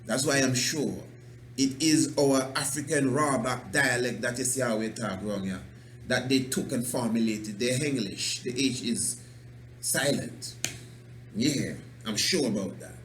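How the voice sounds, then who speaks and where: An Antiguan man holds forth on talk radio in a preachy, emphatic way. He loops back over his words, restarts lines and lets out little chuckles, all at a middling pitch. The room rings with a roomy echo and a faint hiss behind him. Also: moderate pace. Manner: loose, repeats and restarts words. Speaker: radio show host. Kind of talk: animated talk-radio monologue.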